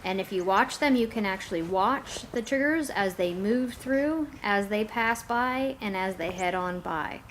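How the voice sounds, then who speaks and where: A woman dog trainer giving a calm, explanatory voice-over narration. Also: medium pitch, unhurried, few pauses, slight background noise.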